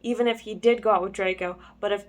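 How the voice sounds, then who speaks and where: A woman's voice: mid-range voice, steady tone, fast talker, close to an everyday voice. A woman reading out the angry, swearing lines of an angsty gothic teenage girl from a fan story. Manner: angry, tearful complaining.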